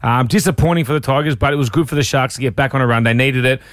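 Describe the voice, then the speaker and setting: Young Australian male radio host, animated and cheeky, quick delivery, dry close mic. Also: medium pitch, no room sound. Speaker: radio breakfast show host. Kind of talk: casual sports radio banter. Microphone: studio microphone.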